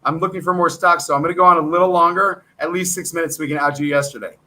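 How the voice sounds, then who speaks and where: An American man hosting a stock market livestream, rambling and excitable, with self-deprecating asides. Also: on the high side, rapid-fire. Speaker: stock market show host. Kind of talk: casual livestream commentary.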